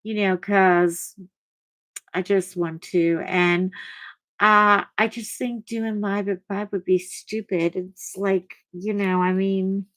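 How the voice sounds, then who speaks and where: A middle-aged woman chatting on her own livestream, telling stories in an animated way and shrieking when she quotes herself. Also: mid-range voice, takes it slowly. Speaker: livestream host. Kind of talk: casual chat to live viewers.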